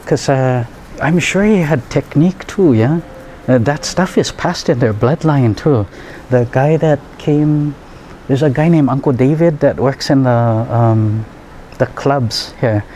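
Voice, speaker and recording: A man, his voice in an ordinary middle range, rambles through stories with fillers and quiet chuckles. A faint hum sits behind him. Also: mid-range voice, a little slow. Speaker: martial arts teacher and healer. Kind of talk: conversational storytelling.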